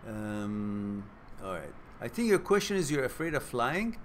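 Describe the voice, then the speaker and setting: A man's voice: medium pitch, very animated, unhurried, a little hiss or hum. Playful, laughing man hosting a live Q&A. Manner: playful, laughs often, teases the viewers; thinks aloud, with fillers and restarts. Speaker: host answering viewer questions. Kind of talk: casual live-stream Q&A.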